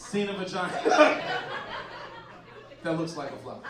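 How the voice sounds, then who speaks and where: A man's voice: high voice, animated, measured pace, very noisy. A man doing a brash, profane stand-up set in a comedy club, teasing the crowd. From Massachusetts. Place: comedy club stage before a laughing audience. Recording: echoey club sound from a distant mic.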